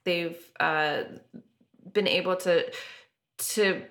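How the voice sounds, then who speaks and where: A woman co-hosts a podcast in a casual, reflective way, laughing easily at herself. Her voice sits a little low for a woman. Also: steady tone, fairly bright tone. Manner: reflective, self-deprecating, quick to laugh. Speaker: podcast co-host. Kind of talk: casual chat.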